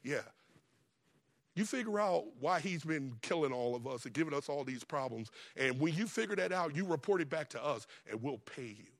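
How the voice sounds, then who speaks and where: A man voicing a group of scheming enemy men who murmur a sly plan in hushed tones. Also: fairly high pitch, lively intonation, normal speed, dry recording, studio quality.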